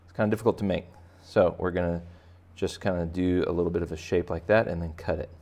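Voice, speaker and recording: A man teaches children to draw in a relaxed tutorial, making jokes while he sketches. His low, steady, darkish voice has vocal fry and moves at a quick pace, fitting his role as an art teacher.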